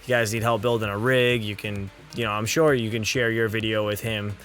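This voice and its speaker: A man's voice: fairly low pitch, steady tone, a little fast, fairly bright tone, soft background music. A man co-hosting a live stream, talking in a loose, rambling and enthusiastic way. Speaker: co-host. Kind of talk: casual live stream chat.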